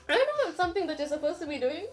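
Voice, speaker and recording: A young woman co-hosting a casual chat, telling stories in an animated, giggly way. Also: very high voice. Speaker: co-host. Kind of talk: casual chat over a meal.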